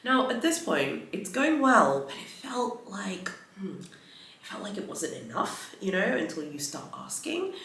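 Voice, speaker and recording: A woman's voice: medium pitch, very animated, unhurried, a bit bright. A woman vlogger telling a story in a chatty, rambling way, full of fillers and restarts. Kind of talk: casual storytelling vlog. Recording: roomy echo.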